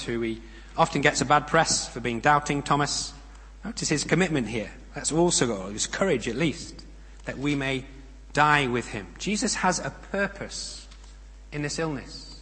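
A man preaching a sermon. He speaks in a measured, emphatic way, with pauses and rhetorical questions. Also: mid-range voice, sharp tone. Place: church. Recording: long reverb of a church hall.

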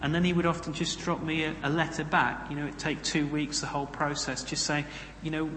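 A man's voice: on the high side, little pitch movement, fairly quick, few pauses, fairly bright tone, a little hiss or hum. A man preaching a sermon in a conversational way, with humorous asides. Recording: echoey hall, roomy reverb.

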